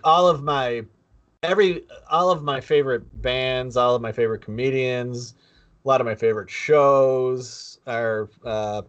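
A middle-aged man who grew up near the Canadian border, co-hosting a podcast in a halting, thoughtful way. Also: mid-range voice, a bit bright, muffled recording. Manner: halting and thoughtful, many fillers and restarts. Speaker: co-host. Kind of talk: casual podcast chat.

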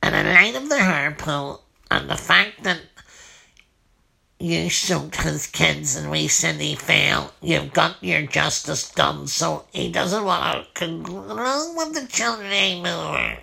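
A performer voicing a fussy, prudish childlike nephew, who talks slowly and repeats himself. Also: mid-range voice, animated, creaky, sharp tone, heavily acted. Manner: slow, halting, repeats itself.

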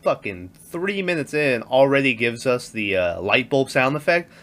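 A man's voice: mid-range voice, expressive, moderate pace, a bit bright. A man in casual movie chat who laughs often, acts out lines from the film and swears freely. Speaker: podcast co-host.

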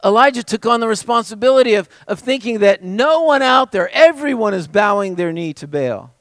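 Preacher man swinging loud to hushed. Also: high-pitched, expressive, fairly quick, no echo. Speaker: pastor. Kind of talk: sermon.

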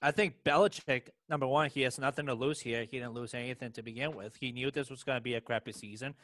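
A man co-hosting a sports podcast who lays out his opinions in long, argumentative run-on sentences. His pitch is mid-range, and the sound is dry and close. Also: fairly even intonation, fast talker, fairly bright tone, no echo. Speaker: podcast co-host. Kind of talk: casual sports chat.

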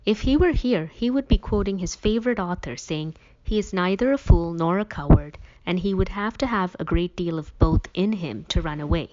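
A woman's voice: on the low side, moderate pace, few pauses, a little mellow, lightly acted. A woman voicing an earnest young man who argues urgently and insistently. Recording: dull lo-fi recording.

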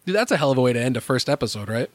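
A man's voice: medium pitch, big pitch swings, rapid-fire, no echo, clean studio sound. A man co-hosting a casual podcast chat, laughing often and swearing freely. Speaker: podcast co-host.

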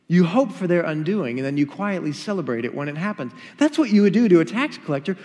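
A man's voice: on the high side, sing-song, fast, hardly any pauses, darkish tone, in a large hall. A male pastor preaching a sermon, emphatic and full of rhetorical questions, sometimes acting out what people would say.

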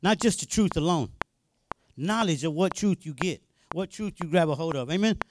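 A male minister preaching a sermon in a colloquial, excitable way, repeating words as he gets fired up. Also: on the high side, normal speed, slight background noise.

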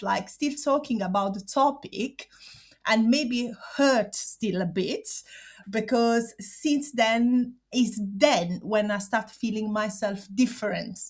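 A woman with an Italian accent, a podcast guest telling a personal story in halting, searching phrasing. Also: mid-range voice. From Italy. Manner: halting, searching for words in non-native phrasing. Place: studio sat with hosts.

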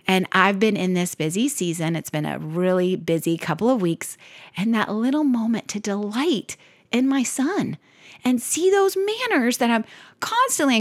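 A woman in her forties hosting a faith podcast, telling personal stories expressively with soft laughs. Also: medium pitch. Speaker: podcast host. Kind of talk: faith-based podcast talk.

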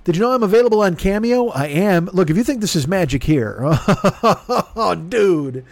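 A man with a fairly high voice rambles through a podcast plug, swearing freely and mocking himself as he talks in circles. His voice is close and dry on the microphone. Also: animated, a little fast, a little mellow, no echo. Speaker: podcast host. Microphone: studio microphone.

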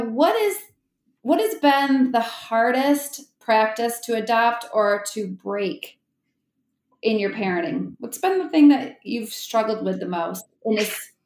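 A woman's voice: fairly high pitch, expressive, unhurried, darkish tone. A woman hosting a podcast who responds affirmingly and asks her guests reflective questions. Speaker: podcast host. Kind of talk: hosting conversation. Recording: echoey room.

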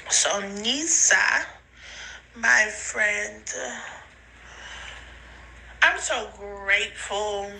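A woman recording rambling phone voice notes while high, giggly and emotional, her thoughts drifting with frequent laughs and sighs. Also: pushed and bright, slight background noise, poor audio. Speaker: podcast host sending voice notes. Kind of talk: rambling voice-note monologue. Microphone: phone voice memo.

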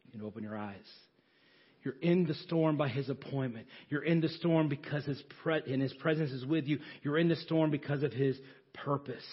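A man preaching a sermon, swinging from shouting to hushed near-whispers. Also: fairly high pitch, fairly even intonation, normal speed, husky, muffled recording.

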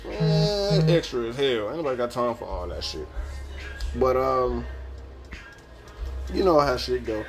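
A man's voice: mid-range voice, moderate pace, long pauses, soft background music. Laid-back young man telling stories, cursing. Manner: profane, laid-back, laughing asides. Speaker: podcast host. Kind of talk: casual storytelling monologue.

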